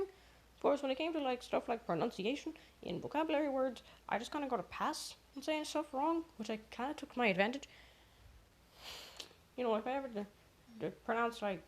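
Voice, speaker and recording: Woman rambling her way thru a fake standup bit, kinda high voice, keeps backtracking. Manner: rambling, self-correcting, jokey, pitch swinging up and down. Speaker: solo comedic rambler. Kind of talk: rambling mock stand-up monologue.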